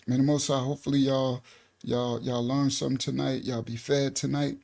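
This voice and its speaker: A man's voice: medium pitch, level tone, brisk, vocal fry, a little mellow. A man, leading a casual live-stream Bible lesson in a loose, chatty way. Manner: loose and chatty, frequent "all right" and laughs. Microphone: desk mic on a live stream.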